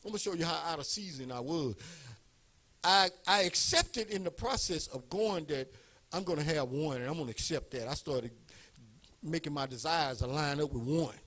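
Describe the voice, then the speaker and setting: A male pastor telling a personal story in a sermon, animated and building up to shouts. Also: fairly high pitch, moderate pace.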